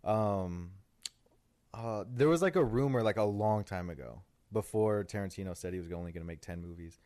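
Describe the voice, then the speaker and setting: A man's voice: fairly low pitch, normal speed, darkish tone. A young man co-hosting a podcast, chatting casually in a rambling way and swearing freely. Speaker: podcast co-host. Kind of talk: casual chat.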